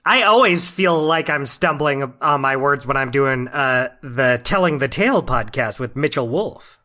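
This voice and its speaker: A man who is a guest on a podcast, chatting casually, agreeable and quick to laugh. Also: mid-range voice, animated, sharp tone.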